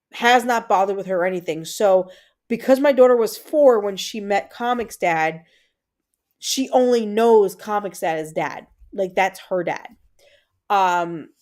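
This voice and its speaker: Mid-range and darkish in tone, this woman in her thirties is hosting a livestream. She recounts a family story in a chatty manner and keeps breaking off to reply to her viewers' messages.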